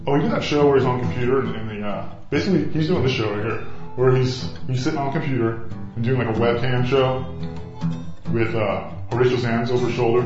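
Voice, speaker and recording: A man hosting a podcast in loose, rambling casual chat, swearing and chuckling. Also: mid-range voice. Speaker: podcast host. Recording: echoey room, dull sound, faint guitar music.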